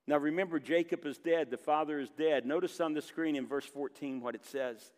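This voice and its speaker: Male pastor preaching earnestly, voice a touch high, long hall reverb. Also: darkish tone. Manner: earnest preaching, reading scripture aloud with pauses and emphasis. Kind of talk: sermon. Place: church sanctuary.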